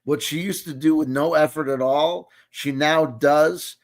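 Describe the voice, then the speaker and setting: A man's voice: a little high, steady tone, a little slow. Rambling, profane man in his forties. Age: 40s. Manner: rambling, profane, keeps asking "you know what I mean". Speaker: host. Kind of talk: casual reaction commentary.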